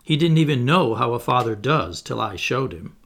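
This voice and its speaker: A man's voice: mid-range voice, sing-song, normal speed, gravelly, a bit bright, exaggerated voice. A man voicing a young boy who grumbles and complains. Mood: grumbling.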